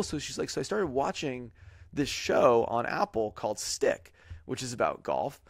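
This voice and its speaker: A man's voice: medium pitch, normal speed, gravelly, no echo. Rambling, chatty man in a dry booth. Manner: rambling storyteller, lots of fillers, animated quotes. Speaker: podcast host. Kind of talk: casual chat.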